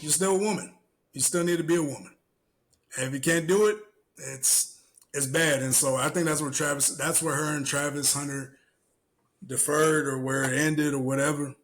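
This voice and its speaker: A man on a casual podcast spins animated stories, slipping into the voices of the people he quotes and swearing as he goes. His voice is bright and forceful and sits somewhat high for a man. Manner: animated storyteller who acts out quotes, swears freely. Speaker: podcast co-host. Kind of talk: casual chat.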